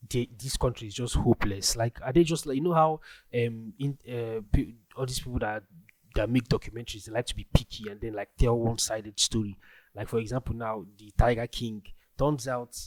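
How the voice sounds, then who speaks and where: A young man with a Nigerian accent talks through his thoughts on a relaxed solo podcast, loose and meandering, with frequent restarts and plenty of "like." His voice is mid-range and the audio has no echo.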